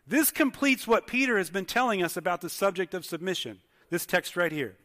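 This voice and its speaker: A man's voice: high-pitched, a little fast, bright, forceful tone. A male pastor preaching a sermon in a conversational way, putting many questions to the congregation. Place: church hall with congregation. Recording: long hall reverb.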